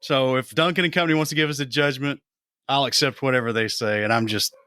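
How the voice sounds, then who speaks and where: A man's voice: medium pitch, fairly even intonation, quick pace, bright, forceful tone, smooth, dry recording, studio quality. A man co-hosting a podcast in casual chat, joking and teasing. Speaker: podcast co-host.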